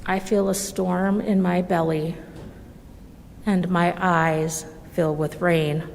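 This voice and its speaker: A woman reading a children's story aloud at a church service, gentle and measured. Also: on the low side, level tone, creaky, a little hiss or hum. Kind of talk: slow storybook read-aloud. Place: church sanctuary. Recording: long reverb of a large hall.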